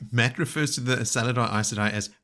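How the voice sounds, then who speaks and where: A man's voice: mid-range voice, brisk, bright, forceful tone. A man co-hosting a casual book discussion podcast, chatty and quoting passages with animation. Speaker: podcast co-host.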